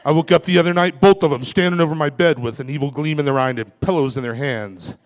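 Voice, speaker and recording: Self-mocking stand-up comic, high voice. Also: male voice, fast. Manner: deadpan, self-mocking punchlines. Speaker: stand-up comedian. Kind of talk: stand-up comedy set. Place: comedy club stage. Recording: reverberant club room.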